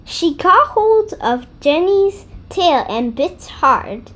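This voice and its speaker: Storybook reader, woman: high, lively pitch, unhurried pacing. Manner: expressive, deliberate read-aloud. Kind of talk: reading a children's book aloud.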